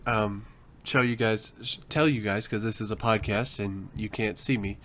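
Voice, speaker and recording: A man's voice: fairly low pitch, steady tone, normal speed, fairly bright tone. A man co-hosting a podcast, explaining things in a casual, hesitant way with many fillers. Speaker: podcast co-host. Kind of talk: casual chat.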